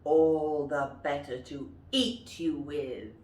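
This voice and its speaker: A woman voicing a sly, hungry big bad wolf in a storybook, low and slow. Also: fairly even intonation, darkish tone, roomy sound, recorded from a distance, a little hiss or hum.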